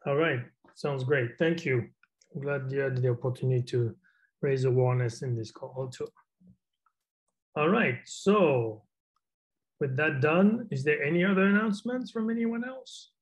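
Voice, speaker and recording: A man leads an online meeting, speaking at an even, middle pitch. His manner is easygoing and chatty, loosened by small fillers and restarts. The voice comes through a video call. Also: normal speed, poor audio. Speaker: meeting chair. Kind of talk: casual meeting talk.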